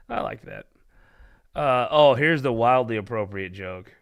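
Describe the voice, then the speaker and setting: A man's voice: medium pitch, animated, slow, gravelly, long pauses, smooth. Irreverent man hosting a political show. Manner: irreverent, rambling, laughs at his own jokes. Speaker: political talk show host. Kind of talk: casual joke-telling chat.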